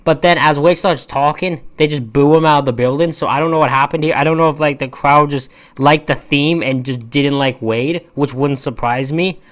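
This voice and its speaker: A man's voice: on the high side, fairly even intonation, moderate pace, hardly any pauses. A man giving a casual, rambling wrestling-show recap, full of opinionated and exasperated asides. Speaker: wrestling reviewer.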